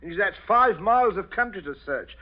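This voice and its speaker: An actor playing a genteel, middle-aged gentleman who chuckles while coolly forcing a guest to hide a killing, in 1940s radio acting. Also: sits high, expressive, brisk. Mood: cheerful gloating. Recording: dull old radio broadcast.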